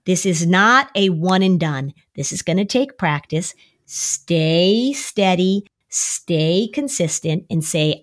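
Speaking slowly and expressively, a middle-aged woman therapist walks parents through responding to a child's worry on an advice podcast. She keeps things warm and coaching, sometimes acting out the kid with a high whine.

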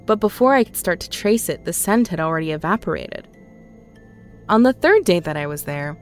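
A woman reads a scary story in a calm, measured voice. Her pitch sits on the low side. Faint music plays beneath her narration. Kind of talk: scripted horror narration.

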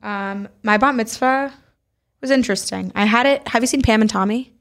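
A young woman co-hosting a podcast, chatting casually and telling animated stories with blunt opinions. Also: on the high side, moderate pace. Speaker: podcast co-host. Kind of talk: casual chat.

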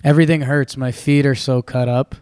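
A man's voice: mid-range voice, steady tone, fairly quick, darkish tone, clean tone, no echo. A man co-hosting a podcast, chatting casually with dry, offbeat quips and some hesitation. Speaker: podcast co-host. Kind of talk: casual chat.

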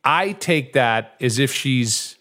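A man's voice: mid-range voice, expressive, slow pace, sharp tone. A man co-hosting a podcast in casual chat, telling rambling stories with many restarts and acting out what others said. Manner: rambling storyteller, acts out quotes. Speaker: podcast co-host.

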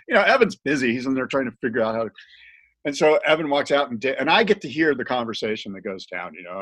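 Animated, laughing male storyteller. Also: medium pitch, a little fast, husky. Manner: animated, laughing storyteller who acts out voices. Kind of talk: casual storytelling chat.

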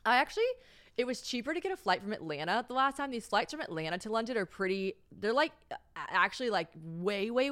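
A young American woman hosting a podcast at home, telling a story in casual chat and acting out the voices she quotes. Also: clean tone. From United States. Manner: animated, acts out quoted voices in a high pitch. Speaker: podcast host.

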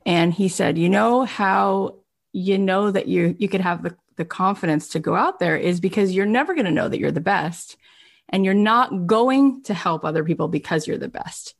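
A woman's voice: mid-range voice, lively intonation, normal speed, creaky. A woman hosting an interview, speaking with emotion and effusive praise for her guest. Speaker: podcast host. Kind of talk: interview conversation.

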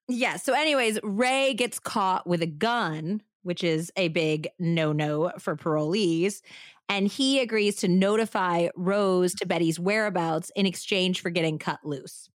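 A woman's voice: lowish voice, no echo, clean studio sound. A woman hosting a true crime podcast, telling the story casually with a twang, laughing often and doing drawling voices for quotes. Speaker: podcast host.

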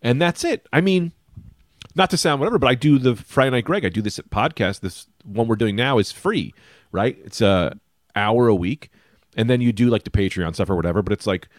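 A male comedian hosting his own podcast, talking in a casual, profane, animated way. His voice swings widely in pitch as he slips into mock voices. The sound is dry and close, with little room around it. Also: no echo. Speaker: podcast host.

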